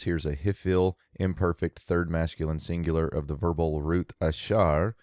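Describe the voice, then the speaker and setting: A man with a very low voice walks through a Hebrew verse word by word, explaining the grammar methodically and pausing to think aloud. The recording is dry and close, with no room sound. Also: steady tone, darkish tone, no echo. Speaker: Biblical Hebrew teacher.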